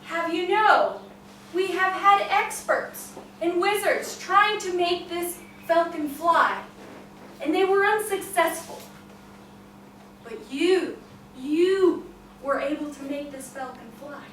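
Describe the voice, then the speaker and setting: A woman's voice: very high-pitched, takes it slowly, a bit bright, a little hiss or hum, heavily acted. A woman storyteller voicing a commanding middle-aged king who talks in emphatic exclamations, in an echoey room from far off. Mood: amazed.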